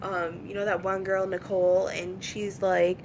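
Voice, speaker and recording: A woman's voice: mid-range voice, measured pace, highs cut off, a little hiss or hum. A woman co-hosting a casual podcast, telling stories with lots of swearing and acting out both sides of phone calls. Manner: animated storyteller, swears freely, acts out both sides of calls. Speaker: podcast co-host. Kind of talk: casual chat.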